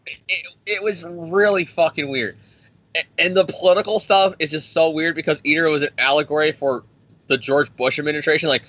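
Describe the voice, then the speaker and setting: A man co-hosting a podcast, recapping a comic book in a rambling, profane, excitable way. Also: fairly high pitch, dry recording. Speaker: podcast co-host. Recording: dry, dull lo-fi sound.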